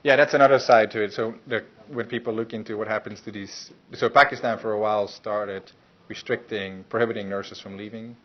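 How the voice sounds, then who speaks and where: A man's voice: lowish voice, fairly even intonation, fairly quick, hardly any pauses. A man lecturing a university class in a loose, conversational way, with many fillers and restarts. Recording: muffled lecture recording with faint hiss.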